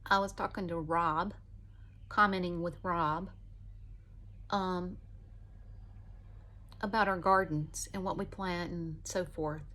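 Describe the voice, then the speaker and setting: A woman's voice: on the low side, steady tone, takes it slowly, long pauses, fairly bright tone. A woman, chatting casually in a folksy, rambling way while doing her makeup at home. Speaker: vlogger.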